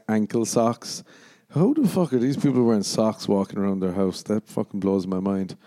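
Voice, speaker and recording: A man's voice: on the low side, dark tone, no echo. Profane, sardonic male podcast host. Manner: profane, sardonic, rambling, mocking voices. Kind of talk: casual solo rant.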